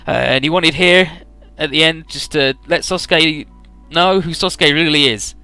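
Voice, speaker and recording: Man, bright crisp voice, casual game story recap, swears a lot, lots of filler, faint background music. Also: on the high side, normal speed, dry recording. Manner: laid-back, swears freely, lots of "uh" and "he's like". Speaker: let's player summarizing a game story.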